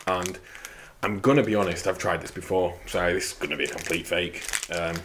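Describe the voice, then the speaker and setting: A man's voice: sits low, fairly even intonation, brisk, a bit bright, a little hiss or hum. A young man hosting a fitness channel, cracking crude jokes and swearing through a casual product review. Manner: crude, joking, heavy swearing.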